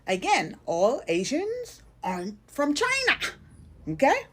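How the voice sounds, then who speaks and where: A woman's voice: high voice, wildly swooping pitch, takes it slowly, fairly bright tone. A woman from the Caribbean speaking emphatically in a social media commentary clip, explaining and educating.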